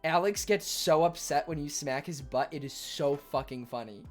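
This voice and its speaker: A young man chatting casually on his livestream in an animated, rambling way, full of fillers. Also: a little high, moderate pace, soft background music. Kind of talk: casual stream chat.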